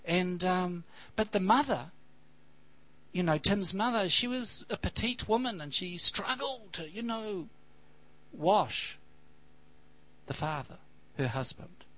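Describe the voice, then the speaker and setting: Here a male pastor, high-voiced and expressive, takes his time telling a meandering, filler-heavy story from the pulpit. By the close he has softened to a hush, all captured on a low-quality recording.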